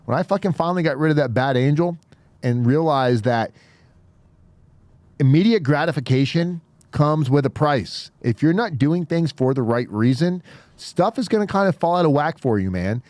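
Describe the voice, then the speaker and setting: A man's voice: mid-range voice, a little mellow, dry recording. A man hosting an interview, talking in a blunt, heated way and swearing often. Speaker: podcast host. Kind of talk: casual interview talk.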